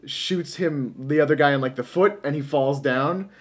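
Man, podcast co-host, casual movie chat, animated, joking, slightly high voice. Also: normal speed, husky. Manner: animated, laughs often, jokey asides.

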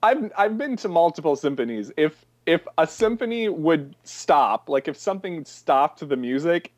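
A man co-hosting a podcast, retelling film scenes in a lively way and laughing often. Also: a little high, moderate pace. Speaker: podcast co-host. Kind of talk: casual chat about a film.

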